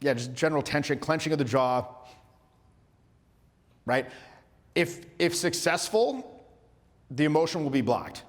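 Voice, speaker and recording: A man in his forties, a social skills coach giving a workshop lecture, talking in an animated, casual way with some swearing as he acts out short exchanges. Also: mid-range voice, normal speed, long pauses. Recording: long hall reverb.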